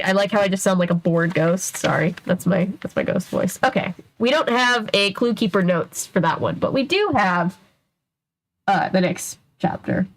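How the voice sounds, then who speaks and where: A woman's voice: mid-range voice, expressive, moderate pace. Woman, streamer, casual read-aloud, chatty, digressive. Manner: chatty, digressive, reads aloud then comments and answers chat. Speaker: streamer reading a children's mystery book.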